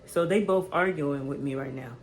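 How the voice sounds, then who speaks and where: A woman around twenty telling a storytime on her vlog, animated and chatty, checking in with "right?" as she goes. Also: sits low, moderate pace, a little hiss or hum, rough recording. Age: 20s. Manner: animated, repeats "right?" to the viewer. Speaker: vlogger.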